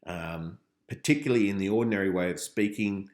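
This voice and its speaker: Low-voiced male teacher in a roomy room. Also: a little fast, a little mellow. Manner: conversational, thinks aloud with frequent ums. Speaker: philosophy teacher. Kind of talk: relaxed revision lecture over slides. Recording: roomy echo.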